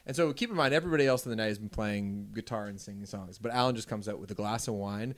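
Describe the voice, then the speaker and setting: A man's voice: lowish voice, fast. A man co-hosting a podcast, telling an anecdote in an enthusiastic, loose, casual way. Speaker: podcast co-host. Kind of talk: casual storytelling chat.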